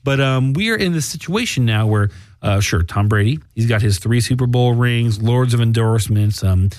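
Male podcast co-host, mid-pitch voice, casual joking banter, dry close mic. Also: lively intonation, moderate pace, a little mellow, dry recording. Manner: joking, loose, swearing. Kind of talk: casual chat.

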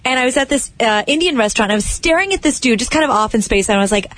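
A woman's voice: on the high side, expressive, racing, a bit bright. A woman co-hosting a radio talk show, telling a story in a breezy, chatty way. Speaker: radio co-host. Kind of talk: casual storytelling.

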